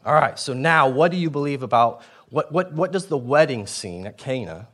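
A man preaches in a loose, conversational way, stopping to restart sentences and add asides. His voice sits at an ordinary middle pitch. He sounds animated and engaged throughout. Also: moderate pace. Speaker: pastor. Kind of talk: sermon.

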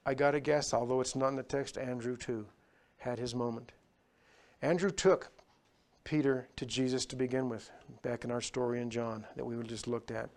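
A man preaching a sermon, swinging between loud, raised passages and quiet, lowered ones. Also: steady tone, moderate pace. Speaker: pastor.

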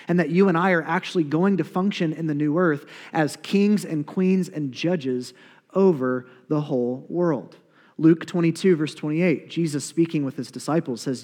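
A man preaching a sermon as a pastor, conversational and animated, with playful asides. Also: on the high side. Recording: long reverb of a large hall.

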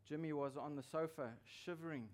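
A man's voice: a little high, fairly even intonation, moderate pace. Emphatic man preaching a sermon. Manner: emphatic, repeats key phrases. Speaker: pastor.

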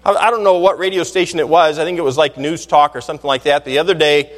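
A man preaching a sermon as pastor, emphatic, climbing to loud peaks and dropping low again. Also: fairly even intonation, fast talker, big-room sound.

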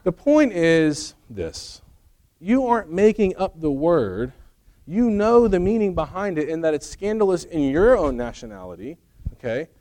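A man's voice: on the high side, big pitch swings, measured pace, warm tone. A middle-aged man preaching a sermon in a conversational way, with joking asides to the congregation. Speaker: pastor.

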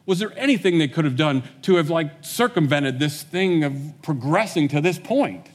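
A man preaching a sermon, retelling a story in a relaxed conversational way and acting out the characters' lines. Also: a little high, normal speed, long reverb tail. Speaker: pastor.

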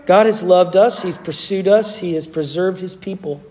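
A male pastor giving a sermon in an animated way, often repeating words and restarting phrases. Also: high-pitched, normal speed. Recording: long reverb from a large hall.

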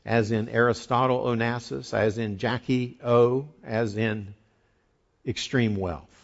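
A pastor preaching a sermon, emphatic, repeating key phrases and rising for emphasis. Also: male voice, medium pitch, steady tone, takes it slowly, vocal fry, muffled recording.

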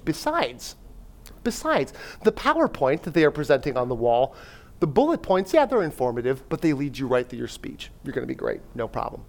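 Animated man telling a church story. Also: mid-range voice, brisk, vocal fry. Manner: animated storytelling with self-talk, fillers. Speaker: speaker at a church. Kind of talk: sermon with personal story.

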